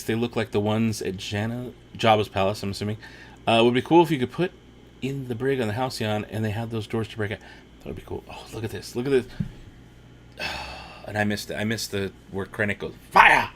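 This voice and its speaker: A man hosting a casual watch-party livestream, reading chat comments aloud and laughing often. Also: lowish voice.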